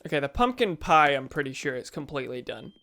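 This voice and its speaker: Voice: mid-range voice, big pitch swings, quick pace, pushed and bright, a little hiss or hum. A game streamer chatting casually while playing, thinking aloud and joking at their own expense.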